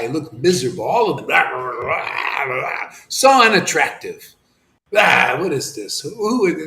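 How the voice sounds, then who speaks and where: A man delivers a devotional sermon in a fairly high, bright, cutting voice. He lurches from fervent, almost shouted peaks to low, hushed asides, hammering his points home with repetition and slangy "man"s. The recording carries a noticeable roomy echo. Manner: swings between fervent near-shouts and hushed murmurs. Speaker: spiritual teacher.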